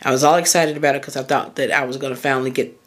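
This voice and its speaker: A woman's voice: very deep voice, fairly even intonation, very fast. A woman hosting a podcast as a mindset coach, talking casually and candidly through personal stories, with loose phrasing and lots of fillers. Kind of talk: casual motivational monologue.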